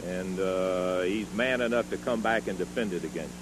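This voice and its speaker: A man, a wrestling TV announcer, speaking in a measured, polite way in archival commentary. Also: low voice, slight background noise, rough recording. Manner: measured, even, polite interviewer.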